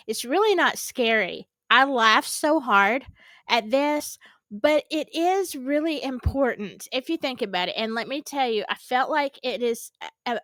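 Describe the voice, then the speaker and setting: A woman with a Southern US accent hosting a casual reaction video, chatty and animated, laughing often and repeating herself. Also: on the high side, no echo. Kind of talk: casual chat reacting to clips.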